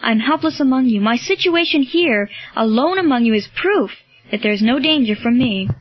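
A woman's voice: on the high side, animated, normal speed, no echo. Earnest young Roman soldier, as a woman reads him. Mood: pleading. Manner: pleading, searching. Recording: dull lo-fi, dry.

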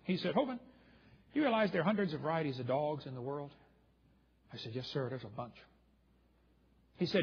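A man's voice: on the high side, lively intonation, a little fast, pauses often, breathy edge. A man giving a folksy, joking sermon, telling stories and acting out both sides of his exchanges. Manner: joking, folksy, acts out dialogue in quotes. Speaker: creationist preacher. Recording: muffled lo-fi recording.

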